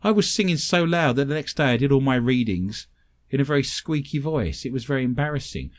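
Animated british man telling funny stories. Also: medium pitch, a little fast. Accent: British English. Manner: animated, self-mocking anecdotes. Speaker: paranormal investigator and medium, guest. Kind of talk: casual storytelling on a talk show.

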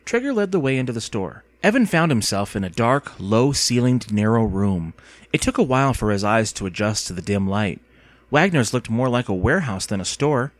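A man reading a story aloud as an audiobook narrator, with expressive storytelling. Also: mid-range voice, moderate pace, dry recording. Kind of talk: scripted narration.

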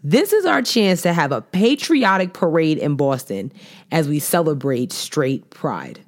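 Low-voiced woman in slangy banter. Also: unhurried. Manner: animated, laughing, slangy banter. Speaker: podcast co-host. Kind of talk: casual chat.

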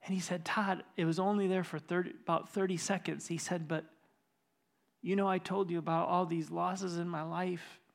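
Pastor telling a story from the pulpit, man with a slightly high voice, dropping to near-whispers and climbing to urgency. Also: level tone, moderate pace, creaky. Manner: retells a conversation, voice dropping to a hush then rising intense. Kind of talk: sermon storytelling. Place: church.

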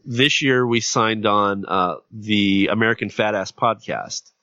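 A man with a low voice hosts a casual podcast interview, speaking plainly with small hesitations. The sound is dry, close, and a little dull. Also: measured pace, sharp tone, no room sound. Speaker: podcast network host.

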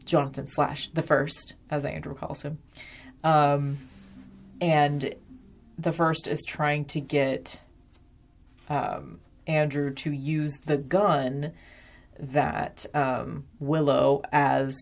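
Woman, low voice, casual recap host, rambling and wry, lots of filler words. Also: a little mellow. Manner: chatty, frequent ums and likes, wry asides. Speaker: episode reviewer.

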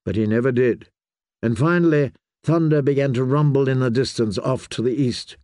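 A man's voice: medium pitch, no room sound. Man narrating a fantasy audiobook, dry. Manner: measured, steady storytelling. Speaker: audiobook reader.

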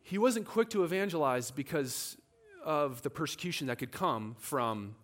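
A male preacher telling a story from the pulpit in a church. His pitch swings widely, rising and falling as he acts out the people in the tale. The pace is lively, and he leans into the dramatic moments. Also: moderate pace. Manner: animated, acts out quoted voices. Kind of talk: sermon storytelling.

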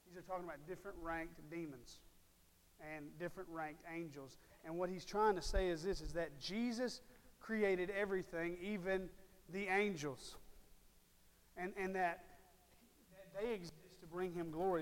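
Male pastor, slightly high voice, emphatic sermon delivery, church with long reverb. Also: moderate pace. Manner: emphatic, repeats words, talks straight to the congregation. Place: church sanctuary.

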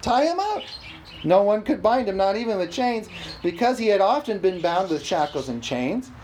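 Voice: medium pitch, animated, normal speed, a little mellow, slight background noise. A preacher delivering an emphatic sermon, repeating phrases for emphasis and calling out "amen?" to the congregation. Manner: emphatic, calls for "amen?" responses.

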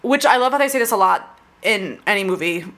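A woman's voice: mid-range voice, animated, brisk, fairly bright tone. A woman co-hosting a podcast, chatting casually and crudely about a movie and breaking into giggles. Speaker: podcast co-host. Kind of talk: casual movie-talk banter.

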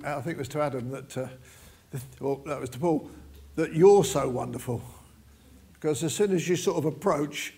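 Older man, informal sermon, church, gravelly voice, joking asides. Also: on the high side, darkish tone. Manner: chatty, jokey, lots of "you know" asides. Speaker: visiting preacher.

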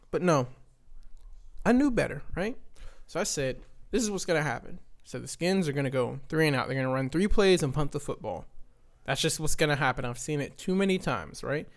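A man's voice: fairly high pitch, expressive, a little fast. A man in his twenties, a podcast host, telling a casual sports story in an exasperated rant, often tagging his sentences with "right?". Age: 20s.

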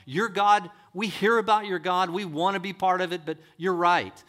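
A man preaching a sermon, voicing a proud, offended foreign woman who answers back loudly and indignantly. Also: mid-range voice, wildly swooping pitch, slightly rough. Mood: pleading. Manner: loud, indignant, rapid rhetorical questions.

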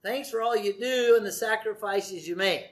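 In a church sanctuary, a middle-aged pastor with a high-sitting voice delivers announcements and a sermon at normal speed. He's chatty and jokey, laughing often.

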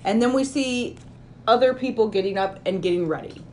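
A woman's voice: a little high, fairly quick, a little mellow, slight background noise. A woman hosting a casual podcast, reading out film reviews and laughing through her own lines. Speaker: podcast host.

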